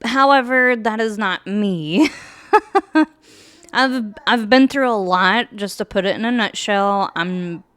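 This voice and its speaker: A woman hosts her own podcast, speaking slowly and softly with plenty of fillers and small nervous laughs. She is moved almost to tears. Her voice is very clear and dry, recorded close on a podcast mic. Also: medium pitch, dry recording. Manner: slow, soft-spoken, with fillers and nervous laughs. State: emotional, holding back tears. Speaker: podcast host and author. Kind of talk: casual chat with a read-aloud book introduction.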